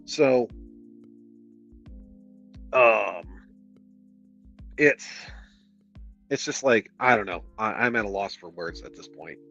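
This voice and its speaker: Low-voiced sardonic streamer reading a novel aloud, quick to swear, on a muffled mic. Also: male voice, expressive, fairly bright tone, faint music behind. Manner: exasperated, sarcastic, swears a lot. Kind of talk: reading aloud with profane commentary.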